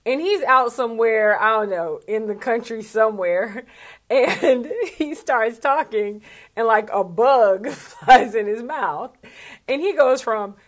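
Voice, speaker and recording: A woman's voice: on the high side, slow pace. A woman speaking coach chats to camera in a casual vlog. She is candid and talkative, and she keeps dropping in asides as she explains her point. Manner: chatty and candid, with frequent fillers and asides.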